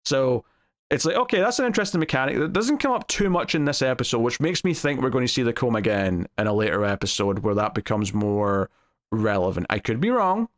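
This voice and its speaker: A man's voice: mid-range voice, sing-song, brisk. A young man reviewing a TV episode in casual solo talk, rambling with lots of restarts and fillers.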